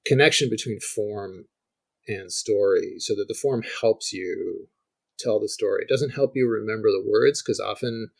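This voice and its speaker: A man's voice: lowish voice, normal speed, gravelly, slightly rough, poor audio. A middle-aged man, a guest scholar, explaining ancient music in conversation, thinking aloud with frequent restarts. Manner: thinks aloud, restarts often, demonstrates on guitar.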